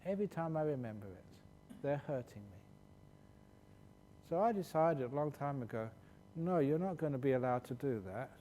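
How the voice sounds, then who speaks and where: A man, a Buddhist monk, answering questions at a meditation retreat in a humorous, storytelling way and laughing as he goes. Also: warm tone. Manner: humorous, laughs while telling stories. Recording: long hall reverb with faint low rumble.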